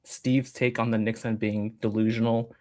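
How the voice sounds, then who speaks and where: A man's voice: fairly low pitch, little pitch movement, normal speed, a little mellow. A man calling in to a talk show, confidently boasting as a sports fan. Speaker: caller. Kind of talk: call-in chat.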